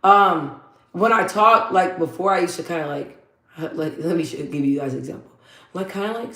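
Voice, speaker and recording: A woman vlogger with a deep, bassy voice chatting casually while doing her makeup, blunt and slangy, repeating phrases for emphasis like a motivational talk. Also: moderate pace, gravelly, pushed and bright. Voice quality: deep for her, in her own words. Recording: roomy echo.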